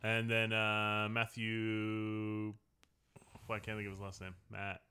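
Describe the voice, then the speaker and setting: A man co-hosting a podcast in casual, jokey chat, blunt and quick to laugh. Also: on the low side, monotone, bright, forceful tone, clear, resonant tone. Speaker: podcast co-host.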